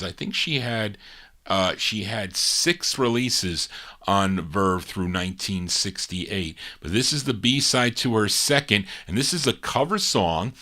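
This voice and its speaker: Guy dj-ing an oldies show, kinda low voice, babbles on between records, fixes his own slips. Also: sharp tone. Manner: chatty, rambling, corrects himself mid-sentence. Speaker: radio show host and DJ. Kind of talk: casual live radio-style record introductions.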